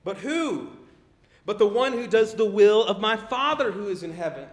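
A middle-aged man preaching a sermon in a conversational way. He gets animated when he acts out people pleading. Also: sits high, moderate pace. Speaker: pastor. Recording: echoey room.

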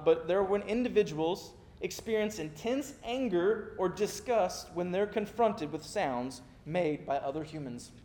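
A middle-aged man preaching a sermon, telling stories with self-mocking asides. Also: darkish tone. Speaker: pastor. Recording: echoey room with faint rumble.

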